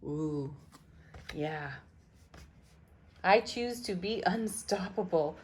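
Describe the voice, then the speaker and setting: Woman, tarot reading, gentle and affirming, slow delivery. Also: medium pitch. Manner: gentle, affirming, laughs softly between cards. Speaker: tarot reader.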